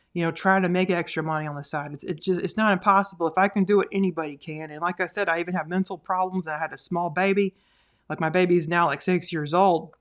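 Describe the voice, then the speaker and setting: Earnest rambling woman podcast host. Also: fairly low pitch. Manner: rambling, earnest, many fillers like "you know" and "like". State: tearful, emotional. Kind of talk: personal story, motivational talk.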